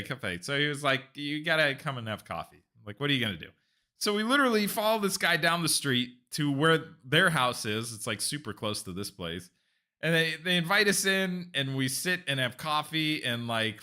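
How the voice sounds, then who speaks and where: Bright-voiced rambling man streaming. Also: on the high side. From United States. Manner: rambling, talks straight to chat viewers. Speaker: live stream host. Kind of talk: casual live stream chat.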